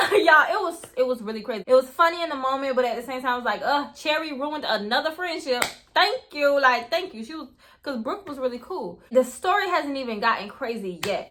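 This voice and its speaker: A young woman telling a story in a casual, animated way. She swears freely and keeps talking straight to her viewers. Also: on the high side. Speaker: storytime vlogger.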